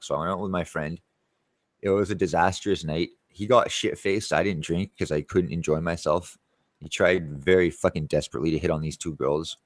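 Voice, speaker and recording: Low-voiced man telling a profane story. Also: dry recording. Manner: profane, rambling, quotes people in raised voices. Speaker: channel host. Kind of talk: casual storytelling monologue.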